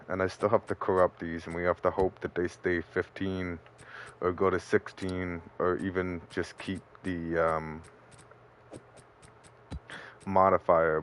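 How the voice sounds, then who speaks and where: Male game streamer, deep register, easygoing and rambling, slight hum behind. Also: a bit bright. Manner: laid-back, rambling, with fillers. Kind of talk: casual gameplay commentary.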